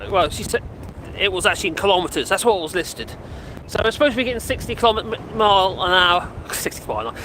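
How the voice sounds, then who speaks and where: A man's voice: high voice, sharp tone, poor audio. A man live-streaming outdoors in gusty wind, chatting casually and rambling with laughs and exclamations, into a mic with a furry windshield. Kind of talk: casual live-stream chat, reading comments. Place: outdoors on a windy hillside near buildings. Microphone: handheld mic with furry windshield.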